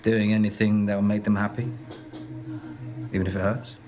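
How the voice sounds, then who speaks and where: A man's voice: fairly low pitch, flat delivery, moderate pace, darkish tone, slight background noise, close to an everyday voice. Man playing a cocky, flippant date. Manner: dry, flippant comebacks.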